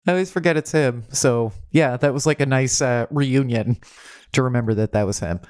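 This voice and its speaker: A podcast co-host with a mid-pitched voice, chatting casually and wryly. They laugh often while steering the talk, and the recording is dry. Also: moderate pace, darkish tone, no echo. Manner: wry, laughing, leading the segment. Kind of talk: casual chat.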